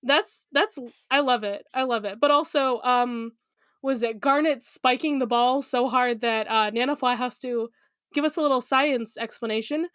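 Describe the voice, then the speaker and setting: A chatty woman with a high, light voice co-hosts a cartoon recap podcast, rambling through fillers and quick giggles. Her voice sits close to the mic in a dry, dead room with no echo. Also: a bit bright. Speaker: podcast co-host. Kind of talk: casual recap chat.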